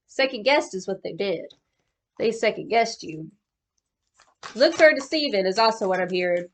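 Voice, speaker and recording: A woman's voice: fairly high pitch, expressive, normal speed. A woman giving a casual tarot card reading in a slangy, profane, chatty way, calling the listener boo-boo. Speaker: tarot reader.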